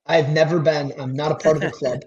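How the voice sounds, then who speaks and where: A man's voice: a little high, flat delivery, quick pace, lo-fi sound, slight background noise. A man talking casually as a podcast guest, rambling with lots of fillers and restarts.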